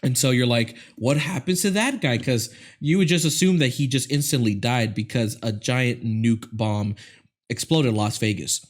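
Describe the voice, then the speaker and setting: Podcast host, man, mid-pitched, rambling casual recap. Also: normal speed. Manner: rambling, laughing, full of restarts. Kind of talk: casual movie recap chat.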